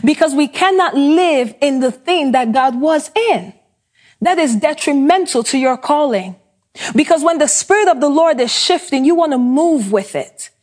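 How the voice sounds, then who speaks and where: A woman's voice: sits high, expressive, normal speed, a little mellow. A woman preaching a sermon, earnest and urging, with casual conversational asides.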